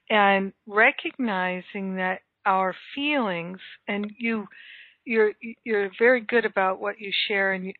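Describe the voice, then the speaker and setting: A woman's voice: medium pitch, no room sound. Woman telling a story over a phone line. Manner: warm reflective storytelling with fillers. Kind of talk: casual spiritual conversation. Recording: tinny phone line, dry.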